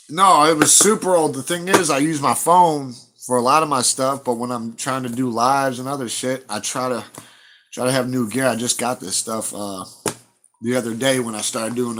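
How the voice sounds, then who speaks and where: A man's voice: mid-range voice, a bit bright, slight background noise. A man, chatting casually to viewers on his livestream, blunt and profane as he rambles through stories. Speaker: livestream host.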